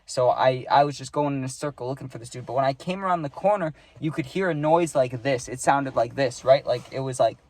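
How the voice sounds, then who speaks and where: A man's voice: mid-range voice, a little mellow, no echo. A young man telling a casual storytime, rambling with lots of "like" and "right?", and swearing freely.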